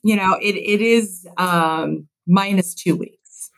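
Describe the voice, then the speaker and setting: A woman's voice: mid-range voice, slow pace, creaky, low-quality recording. A woman in her fifties from Chicago, a construction executive telling stories in an interview, earnest and reflective, laughing at herself. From Chicago, USA. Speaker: construction executive, podcast guest. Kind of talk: casual interview storytelling.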